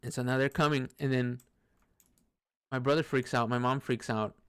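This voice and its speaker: A man's voice: medium pitch, fairly even intonation, normal speed, clear, resonant tone. A man telling a personal story in a rambling, casual way, swearing often and restarting sentences while he plays a computer game. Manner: rambling, profane, many fillers and restarts.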